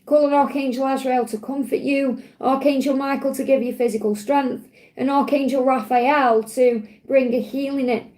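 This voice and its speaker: A woman with a Stoke-on-Trent accent, giving a gentle, chatty card reading on a live stream and answering viewers. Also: high-pitched, steady tone, moderate pace, low-quality recording. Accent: Stoke-on-Trent English. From England. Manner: gentle, reassuring, chatty with frequent restarts. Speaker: tarot and angel card reader.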